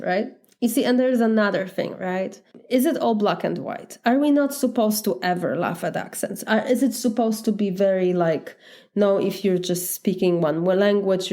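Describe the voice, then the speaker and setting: A woman with a Polish accent talks through her thoughts as a life coach in a solo podcast. Her voice sits at an ordinary middle pitch, and she speaks candidly and reflectively, with light laughter between thoughts. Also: mellow. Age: adult, married. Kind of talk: podcast monologue.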